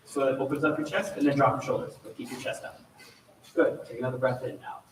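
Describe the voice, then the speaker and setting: A man directing a choir rehearsal, giving energetic coaching instructions and demonstrations to the singers. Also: medium pitch, quick pace, a little hiss or hum. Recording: echoey room, mic far off, faint ambience.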